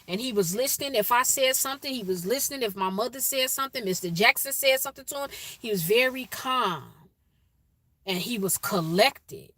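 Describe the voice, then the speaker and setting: An inspirational speaker from Chicago, a woman with a mid-range voice, tells a personal story and urges listeners toward peace. She's animated and emphatic, firing off strings of repeated questions, and the recording is dry.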